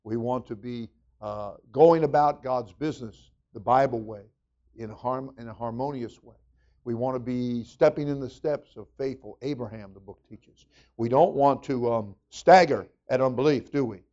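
A man's voice: mid-range voice, moderate pace, mellow, dull audio. A man preaching a sermon as pastor, folksy and conversational with emphatic rising bursts.

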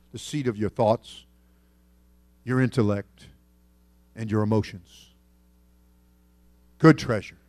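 A man's voice: mid-range voice, no room sound. Folksy preaching man, dry close sound. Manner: folksy storytelling preacher, swings from loud to hushed. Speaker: senior pastor. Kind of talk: sermon.

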